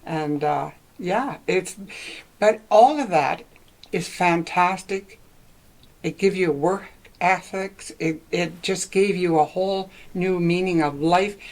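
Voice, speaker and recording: Older woman reminiscing, low voice. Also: takes it slowly, a little mellow, poor audio. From northwestern Ontario, Canada. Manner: reminiscing, rambling, laughs often. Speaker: interviewee. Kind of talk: casual oral-history interview.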